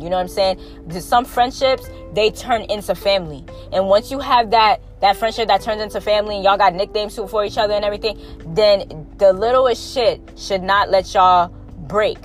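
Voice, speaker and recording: A woman of middle pitch hosts her own podcast alone, talking straight to her listeners. She is blunt and profane, full of street slang and rambling restarts, and keeps checking in with the audience. Faint music plays underneath. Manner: frequent filler questions to listeners. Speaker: podcast host. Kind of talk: casual solo podcast monologue.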